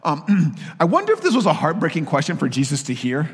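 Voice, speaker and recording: A man preaching a sermon, telling a story with lively, casual asides. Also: on the high side, fairly quick, few pauses, slightly rough, big-room sound.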